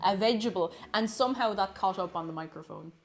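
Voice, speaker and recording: A woman's voice: mid-range voice, fast talker, very noisy. A young Irish woman streaming from home, chatting casually and reading out viewer comments with frequent giggles and rambling asides.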